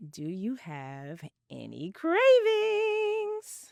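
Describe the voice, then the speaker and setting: A woman hosting a faith podcast in casual interview chat, animated and often laughing, encouraging her listeners. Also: very high-pitched, extremely slow, vocal fry, no echo. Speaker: podcast host.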